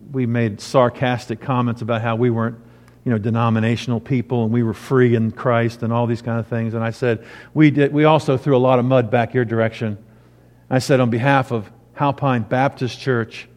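A man's voice: mid-range voice, a little mellow. Pastor guy preaching a sermon, storytelling then getting fired up, big church reverb. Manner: storytelling, rising to emphatic preaching. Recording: long hall reverb.

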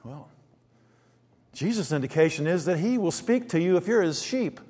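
A man preaching a conversational sermon, asking rhetorical questions and dropping quiet before lifting his voice again. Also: high-pitched, lively intonation, fairly quick, husky. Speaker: pastor. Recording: long hall reverb.

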